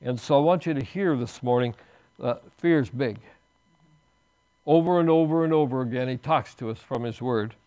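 A man's voice: medium pitch, normal speed, mellow, highs cut off. Earnest man preaching a sermon. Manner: earnest preaching with restarts, rising to emphatic bursts. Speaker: pastor.

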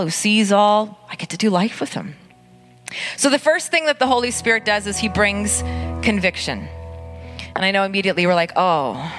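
A woman pastor preaching an earnest, conversational sermon at a church service, with dramatic pauses. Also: medium pitch, a bit bright.

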